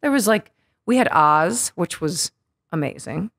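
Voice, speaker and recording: Animated, cursing New woman telling stories. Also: fairly low pitch, unhurried. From Queens, New York. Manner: animated, profane, acts out quotes. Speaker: podcast guest. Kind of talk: casual storytelling interview.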